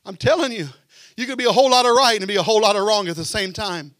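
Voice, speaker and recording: A man preaching a fervent sermon as pastor, building to shouts and then dropping low. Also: fast talker, dry recording, clean studio sound.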